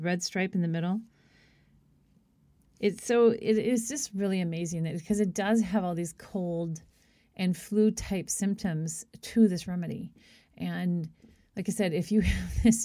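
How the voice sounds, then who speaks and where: A woman's voice: lowish voice, dark tone. A middle-aged woman hosting a radio show, talking in a chatty, rambling way and laughing often. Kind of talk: casual monologue.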